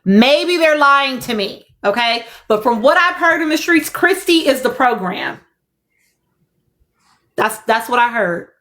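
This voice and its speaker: A woman's voice: high voice, animated, unhurried, bright, forceful tone. A young adult woman, hosting a casual commentary livestream, emphatic and fond of repeating her points. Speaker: livestream host.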